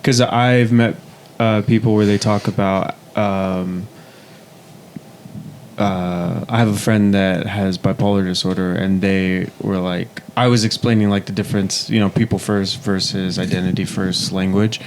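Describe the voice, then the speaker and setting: A man with a very deep voice co-hosting a podcast, faint noise behind him. He talks loosely, circling and restarting his sentences as he thinks out loud. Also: steady tone, measured pace. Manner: rambling, many fillers and restarts. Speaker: podcast co-host. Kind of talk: casual podcast discussion.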